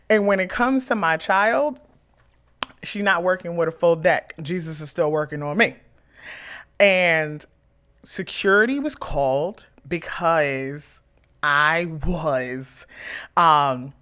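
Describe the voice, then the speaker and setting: Emotional storytelling woman, low voice. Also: takes it slowly. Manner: emotional, animated retelling with quoted dialogue. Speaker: podcast host and emotional intelligence coach. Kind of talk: personal storytelling.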